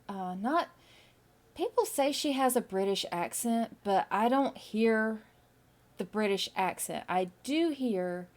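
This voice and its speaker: A middle-aged woman chatting casually with her stream viewers as she draws, musing slowly with lots of fillers. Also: mid-range voice, a little mellow. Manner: slow, musing, with many fillers. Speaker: artist streaming while drawing. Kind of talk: casual chat with live viewers.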